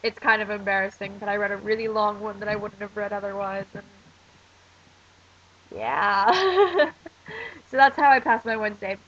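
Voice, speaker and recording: A woman's voice: medium pitch, normal speed, long pauses, fairly bright tone. A teenage girl vlogging as an exchange student while sick, with a stuffy nose and a cough, rambling with lots of fillers. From United States. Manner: rambling, ranting, many fillers. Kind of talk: casual vlog. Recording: dull lo-fi recording.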